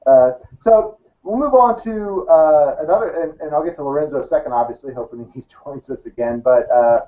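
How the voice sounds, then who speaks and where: A man hosts a casual sports panel over an online call, asking long winding questions and laughing often. His voice sits a little high, and the call audio sounds muffled and dull. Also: a little fast. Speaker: talk show host.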